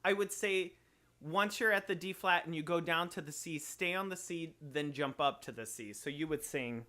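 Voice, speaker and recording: A man teaching voice, slowly explaining notes and phrasing in a lesson. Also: fairly high pitch, bright, forceful tone. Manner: explains slowly, sings short examples.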